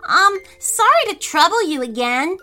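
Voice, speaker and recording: A woman voicing a curious young schoolboy who sounds high, eager and a little hesitant. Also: big pitch swings, unhurried, pushed and bright, faint music behind, heavily acted.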